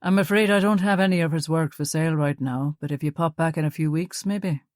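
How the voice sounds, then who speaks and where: A woman's voice: low-pitched, fairly quick, a little mellow, no room sound, studio quality, close to an everyday voice. A woman voicing a guarded, evasive gallery owner who speaks with a cultured Belfast accent. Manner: curt, evasive, smooth-spoken.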